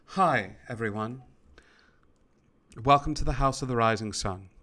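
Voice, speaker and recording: A man voicing a composed, guarded woman who runs a private bar, speaking in a measured, hostess-like way during a tabletop role-play. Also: medium pitch, sharp tone. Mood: welcoming. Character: composed, guarded female bar owner, Medusa.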